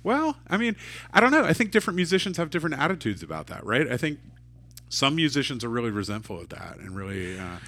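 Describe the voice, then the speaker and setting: A man's voice: mid-range voice, big pitch swings, fast talker, bright, forceful tone. A man hosting a casual interview, talking in rambling sentences full of fillers and restarts. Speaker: podcast host.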